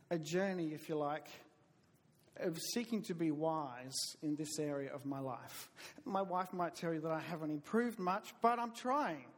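A middle-aged man with a Southern US drawl preaches from the pulpit in a fairly high voice, telling folksy stories about himself. He stumbles and restarts now and then, and his words ring out with a long reverb in a church sanctuary. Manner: folksy, self-deprecating storytelling with hesitant restarts. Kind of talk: sermon.

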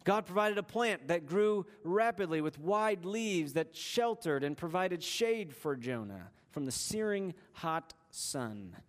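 A man's voice: high-pitched, animated, takes it slowly, few pauses. A man preaching a sermon, retelling a story with dramatic shifts in pace and emphasis. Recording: long hall reverb.

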